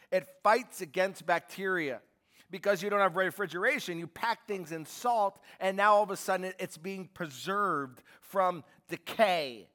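A man preaching a sermon as pastor, emphatic and calling out to his congregation for answers, moving between quiet asides and shouted lines. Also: sits high. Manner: emphatic, calls out to the congregation for responses.

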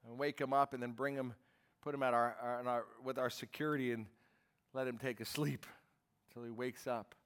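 A man preaching a sermon to a church congregation, emphatic and animated, asking the listeners questions and waiting for their answers. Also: medium pitch, brisk, smooth. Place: church service.

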